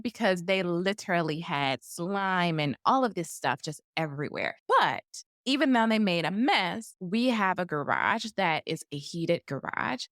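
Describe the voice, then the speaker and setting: A woman's voice: lowish voice, animated, measured pace, few pauses, no echo, clean studio sound. A woman in her thirties, a physician co-hosting a podcast, chatting in an upbeat way and sounding a little nasal from a cold. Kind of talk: casual podcast chat.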